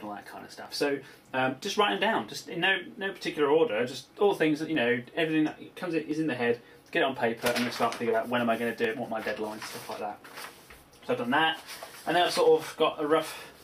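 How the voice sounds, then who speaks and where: A British man giving a casual video diary as a film producer, rambling with many ums and restarts. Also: mid-range voice. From United Kingdom. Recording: distant mic with faint background hiss.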